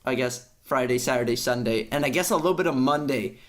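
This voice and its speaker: A young man co-hosting a casual podcast, ranting with lots of swearing and sudden jumps in pitch. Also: fast talker, slight background noise. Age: young adult. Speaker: podcast co-host. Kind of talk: casual chat.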